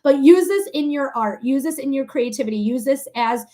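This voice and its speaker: A woman in her thirties giving a live tarot reading in a chatty, animated way, laughing often and swearing casually. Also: high-pitched, moderate pace. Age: 30s. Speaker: tarot reader.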